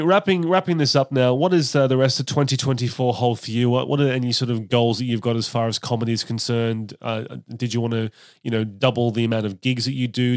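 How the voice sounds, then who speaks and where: A man's voice: mid-range voice, vocal fry, dry recording, clean studio sound. A man hosting a casual comedy podcast interview, talking animatedly and often breaking into impressions.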